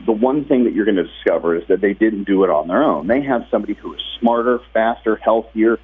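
A professional speaker appears as a guest in a phone interview, and the line sounds tinny. His voice is fairly low and husky, fast and lively in intonation, and he goes on energetically and at length, frequently starting sentences over.

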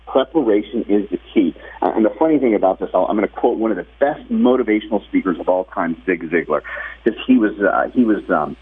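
Man, guest speaker, husky rough voice, lowish pitch, energetic talker, phone-line sound. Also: fast talker. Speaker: guest, professional speaker and author. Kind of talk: interview over the phone.

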